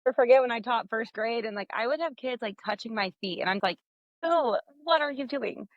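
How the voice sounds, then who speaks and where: Dry-voiced mom teacher telling stories. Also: female voice, fairly high pitch, lively intonation, brisk, no echo, dull audio. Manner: storytelling, acts out quotes. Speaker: podcast co-host, teacher, mother. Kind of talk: casual chat.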